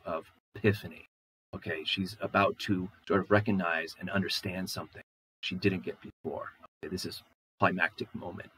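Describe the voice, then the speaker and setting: A man's voice: deep voice, a bit bright, husky, low-quality recording. A male professor lecturing on a short story, reading passages aloud and talking in a loose, conversational way with many fillers. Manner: conversational, many "you know" and "okay" fillers. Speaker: literature professor.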